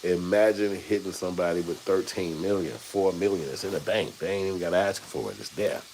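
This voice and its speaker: A male show host runs a casual live stream, telling stories loosely and acting out the voices of people he quotes. His voice sits low and moves briskly, with background noise present.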